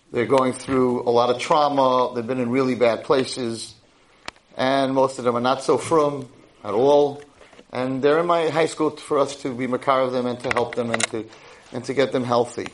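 A man, a rabbi, giving a Torah lecture with animated storytelling and acted-out voices. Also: medium pitch, a little hiss or hum, poor audio. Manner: animated, acts out voices in stories. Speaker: rabbi and high school head.

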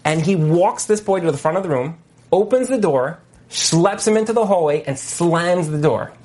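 A man teaching as a marriage coach in a lecture over a video call, telling stories with lively asides and many fillers. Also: high voice, normal speed. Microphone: video call mic.

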